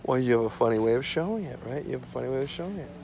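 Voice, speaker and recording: A man with a gravelly, fry-laden voice at an everyday middle pitch rants to his camera from his small home. His talk is profane, repetitive and wanders from point to point. Faint vehicle noise hums in the background. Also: expressive, rapid-fire, darkish tone. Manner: ranting, profane, repetitive, drifting off topic. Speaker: vlogger. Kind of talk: rambling monologue to camera.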